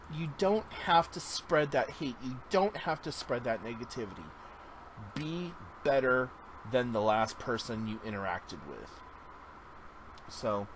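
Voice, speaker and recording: A man's voice: mid-range voice, lively intonation, normal speed, slight background noise, rough recording. A man vlogging a casual check-in, talking in an earnest, encouraging way that drifts into tangents.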